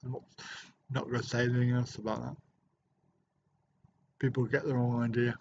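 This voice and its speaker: A man's voice: medium pitch, level tone, moderate pace, creaky, a little mellow, a little hiss or hum. A middle-aged man hosting a livestream from a hotel room, chatting casually and joking as he answers viewer comments. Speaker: livestream host. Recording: dull lo-fi livestream audio.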